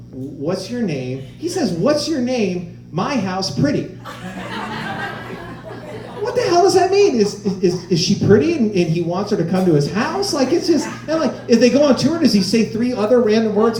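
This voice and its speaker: Animated man doing stand-up. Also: extremely high pitch, a little fast, hardly any pauses, roomy sound, distant mic. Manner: animated storytelling, acting out voices of others. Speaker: stand-up comedian. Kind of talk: stand-up comedy set.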